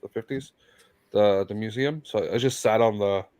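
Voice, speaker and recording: A man from Toronto chatting on a stream, telling a story slowly with many fillers. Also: lowish voice, a little mellow, no echo. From Toronto, Canada. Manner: laid-back storytelling with fillers. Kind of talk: casual group chat on a stream.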